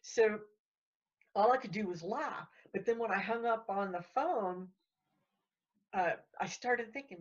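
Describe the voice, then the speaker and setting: A woman's voice: medium pitch, slightly rough, lo-fi sound. A woman guest telling her story in casual chat, rambling and repeating words. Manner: rambling, repeats words, talks fast when worked up.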